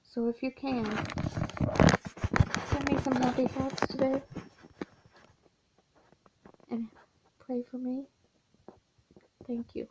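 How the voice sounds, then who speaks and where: Slow gravelly-voiced woman, weary and heartfelt. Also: high-pitched, level tone, very noisy. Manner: weary, heartfelt, slow confiding talk with sighs. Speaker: crochet vlogger caring for her mother. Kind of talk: personal confessional vlog. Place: guest room at her mother's house. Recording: dull lo-fi home recording.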